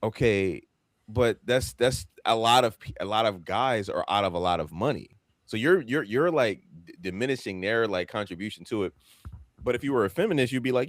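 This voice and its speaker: A man's voice: lowish voice, expressive, brisk, no echo, studio quality. A man co-hosting a podcast in casual chat, rambling loosely with plenty of fillers. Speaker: podcast co-host.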